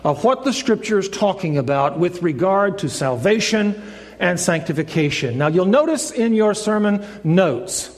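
A man preaching a sermon in a folksy storytelling way. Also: high voice. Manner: folksy storyteller, acts out voices in the joke. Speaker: pastor. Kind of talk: sermon with a told joke. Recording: long reverb of a church hall.

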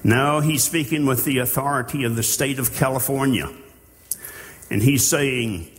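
A man preaching a sermon in a slow, earnest way, with halting restarts. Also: medium pitch. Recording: long hall reverb.

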